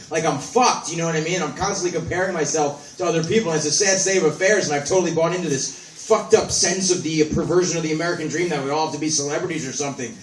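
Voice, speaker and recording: A man's voice: a little high, racing, hardly any pauses, a little hiss or hum. A young man doing a rambling, self-deprecating stand-up set full of swearing, recorded on a phone from the audience. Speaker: stand-up comedian. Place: small comedy venue. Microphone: phone camera from the audience. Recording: echoey room, distant phone recording.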